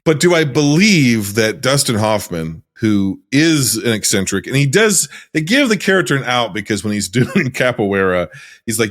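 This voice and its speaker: A man's voice: medium pitch, sing-song, normal speed, a bit bright. A man co-hosting a movie podcast, talking casually and animatedly, acting out scenes and laughing often. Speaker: podcast co-host. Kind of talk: casual movie review chat.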